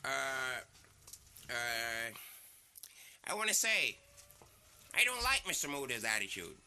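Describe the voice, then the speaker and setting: Boastful karate guest, sharp-toned, slightly high, lively pitch, taunting, halting. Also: male voice, exaggerated voice. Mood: defiant. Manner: defiant, taunting, halting with fillers. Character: boastful male guest who claims karate skills. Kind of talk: comedy sketch acting.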